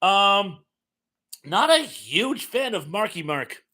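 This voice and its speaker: Man, middle-aged, from Massachusetts, casual livestream chat, jokey asides, bright tone. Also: high voice, big pitch swings, takes it slowly. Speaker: livestream host. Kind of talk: casual live chat, reading comments aloud.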